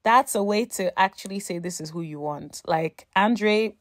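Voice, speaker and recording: A woman's voice: medium pitch, measured pace, dry recording, clean studio sound. A woman giving a casual, emphatic review of a reality show, talking straight to the cast with exasperated asides. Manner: exasperated asides, calls people honey and sis.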